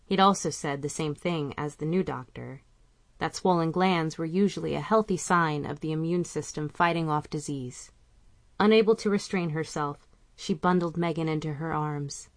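A woman reading a novel aloud in calm, measured audiobook narration. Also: low-pitched, no room sound.

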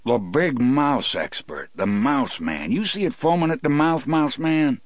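A man's voice: on the low side, sing-song, slow, no echo, full character voice. A man voicing a brash, sarcastic male prison guard who needles a coworker. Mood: mocking.

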